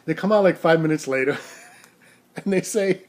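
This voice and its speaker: A man's voice: a little high, normal speed. A man who drives for rideshare, telling a rambling, self-mocking story to camera with frequent laughs and repeated words.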